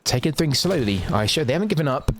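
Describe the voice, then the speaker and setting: Man casting a live match. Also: fairly high pitch. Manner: quick, excitable play-by-play with casual asides to chat. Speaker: shoutcaster. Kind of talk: live esports commentary.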